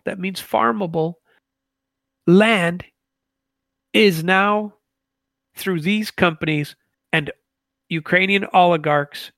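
Gravelly man, halting commentary. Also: a little high, fairly bright tone, no room sound. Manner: halting, many fillers and restarts. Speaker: political commentator. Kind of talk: casual commentary monologue.

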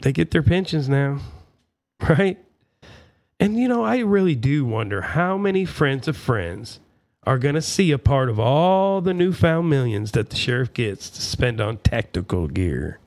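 A man with a gravelly voice holds forth in an angry, profane political rant, full of sarcastic asides. He rambles with fillers, and his pitch sits in an ordinary middle range. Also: sing-song, measured pace, darkish tone.

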